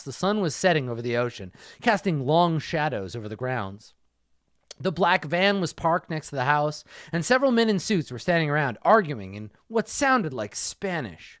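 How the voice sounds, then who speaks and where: A man's voice: mid-range voice, big pitch swings, normal speed, fairly bright tone, dry recording, studio quality. A man doing a comedic dramatic reading of a game book, now and then breaking off with playful comments.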